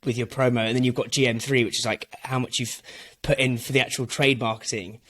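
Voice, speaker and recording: A man hosts a casual business podcast. His voice sits at an ordinary middle pitch. He rambles chattily with loose asides. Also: little pitch movement, a little fast, a bit bright. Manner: chatty, rambling, laughs mid-story. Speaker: podcast host.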